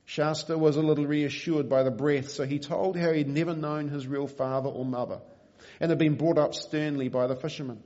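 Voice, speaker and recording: A man preaching a sermon, reading a story aloud in a measured, quiet way. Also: fairly high pitch, fairly even intonation. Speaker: pastor. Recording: dull lo-fi recording.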